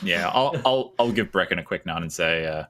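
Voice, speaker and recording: A man chatting casually as a player in a tabletop role-playing game, eager and quick to react. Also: low voice, animated, a bit bright. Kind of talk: casual tabletop play chat.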